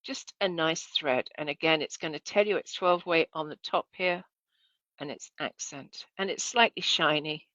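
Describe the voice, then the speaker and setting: A woman's voice: sits low, moderate pace, a bit bright, no room sound, dull audio. A woman giving a casual, chatty demonstration lesson as a sewing instructor, correcting herself and asking viewers to look.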